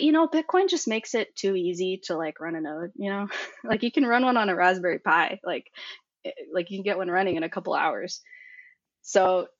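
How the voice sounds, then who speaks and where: A young woman tells a long personal story as an interview guest, talking fast and loose with plenty of fillers. She slips into quoted voices for the people she met. The sound is dry and a little muffled. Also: no room sound. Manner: animated, filler-heavy, acts out quoted dialogue. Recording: muffled low-fidelity audio.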